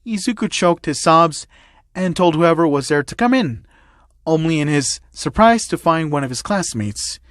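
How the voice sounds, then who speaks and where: A man's voice: fairly high pitch, animated, moderate pace, fairly bright tone, dry recording, studio quality. A man narrating a fan fiction story in a plain reading voice. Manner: plain reading, then exasperated ranting at the puns.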